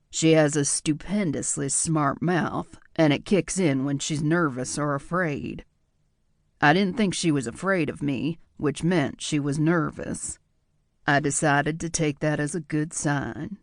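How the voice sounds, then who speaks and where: A man reading a first-person audiobook in a measured, reflective way. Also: fairly high pitch, vocal fry, no room sound, studio quality. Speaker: audiobook narrator.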